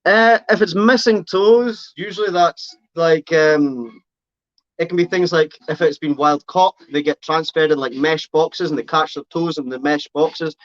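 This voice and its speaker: A man's voice: a little high, steady tone, measured pace, dry recording, lo-fi sound. A man chatting casually on a live stream, rambling and correcting himself as he answers comments. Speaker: reptile keeper streaming live.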